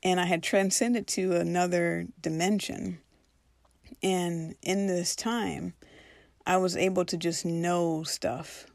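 A woman's voice: lowish voice, fairly even intonation, takes it slowly, creaky, darkish tone, dry recording, studio quality. A woman telling a personal spiritual story in an earnest, reflective way, now and then acting out her own past reactions.

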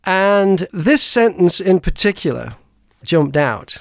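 A man's voice: high voice, sing-song, slow pace, creaky, dry recording, clean studio sound. A man hosting a podcast, telling personal stories in a rambling way, with lots of restarts and laughs. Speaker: podcast host. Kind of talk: casual chat, personal storytelling.

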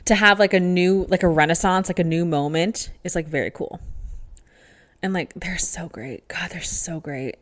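A woman in her thirties ranting casually to camera, exasperated and chatty, saying "like" constantly. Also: lowish voice. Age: 30s. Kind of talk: casual talking-to-camera rant.

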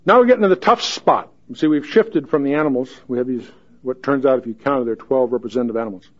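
A man's voice: mid-range voice, fast talker. Man, Bible teacher, folksy, joking, verse-by-verse teaching, slightly muffled podcast audio. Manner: folksy and joking, reads scripture with rising emphasis.

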